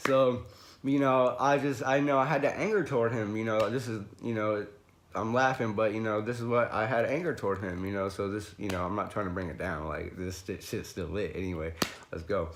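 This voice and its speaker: A man's voice: lowish voice, fairly even intonation, fairly quick, noisy background. Rambling, profane young man. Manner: rambling, profane, full of fillers like "you know"; laughs often and gets loud when reliving a fight. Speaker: livestream host. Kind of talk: casual livestream storytelling.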